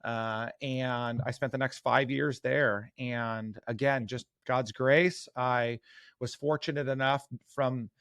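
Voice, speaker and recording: A man's voice: medium pitch, steady tone, slow, fairly bright tone, smooth, dry recording, studio quality. A man in his forties, a guest sales coach, telling career stories in a podcast interview with an earnest, self-deprecating manner and frequent fillers.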